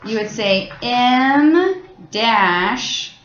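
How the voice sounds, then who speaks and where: A woman's voice: on the high side, expressive, drawn-out words, fairly bright tone, a little hiss or hum. Woman teacher, casual and rambling, echoey lo-fi classroom recording. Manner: casual, explains with many fillers and restarts. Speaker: French teacher. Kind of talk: classroom lesson. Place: high school classroom. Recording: echoey classroom, dull lo-fi sound.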